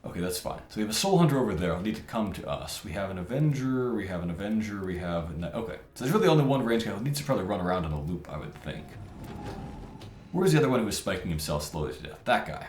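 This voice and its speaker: A man's voice: on the low side, very animated, fast talker, a little mellow. A man casually commentating a video game, thinking aloud and muttering over his tactics as he plays. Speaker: gameplay commentator. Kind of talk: casual let's-play commentary. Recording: roomy mic with game music behind.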